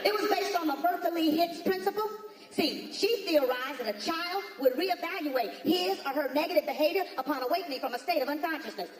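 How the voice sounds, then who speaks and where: A woman's voice: high-pitched, background noise. A woman performing a stand-up comedy routine on a theater stage, telling stories with punchy asides to the audience. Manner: punchy, storytelling delivery with quick asides to the audience. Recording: echoey hall recording with crowd. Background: audience laughter.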